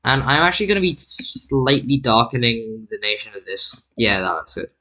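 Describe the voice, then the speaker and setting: A man's voice: mid-range voice, big pitch swings, normal speed, pushed and bright, poor audio. A man casually narrating a map-drawing video, rambling and correcting himself with jokey asides. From Britain. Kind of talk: casual narration over screen recording.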